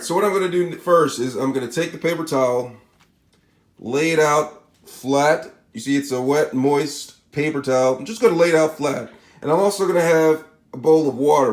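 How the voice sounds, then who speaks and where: A man with a Spanish accent walks through a recipe step by step, casual and chatty, often checking in with the viewer. His voice sits a little high for a man. The room around him is echoey. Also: darkish tone. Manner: casual, repeats "all right?" and "okay?" to check in. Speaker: cooking channel host. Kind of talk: step-by-step cooking demonstration.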